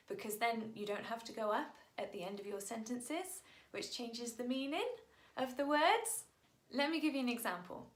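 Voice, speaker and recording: A woman singer with a fairly high voice talks viewers through her song's lyrics. She is patient and upbeat, and she sounds out each Mandarin tone aloud. The room around her is echoey. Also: fairly bright tone. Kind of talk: explaining song lyrics to viewers.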